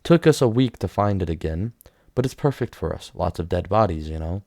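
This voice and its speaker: A man's voice: low voice, animated, brisk, darkish tone, dry recording, studio quality. A man reading a blunt, cheerful necromancer. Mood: offhand. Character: cheerful, tactless male necromancer.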